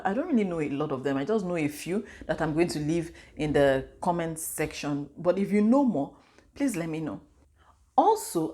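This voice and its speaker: Chatty Nigerian mother vlogging. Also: fairly low pitch. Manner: chatty, animated storytelling with pidgin and Igbo asides. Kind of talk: casual advice vlog.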